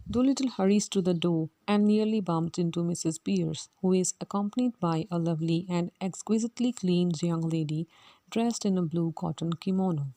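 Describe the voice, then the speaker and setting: A woman's voice: fairly low pitch, moderate pace, dark tone, no echo. A woman reading a course-book play aloud, calling out the speaker names and the stage directions.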